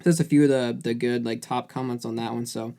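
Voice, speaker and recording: A man's voice: medium pitch, steady tone, brisk, mellow. A man co-hosting a music podcast, talking loosely in casual chat with many fillers and restarts. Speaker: podcast co-host.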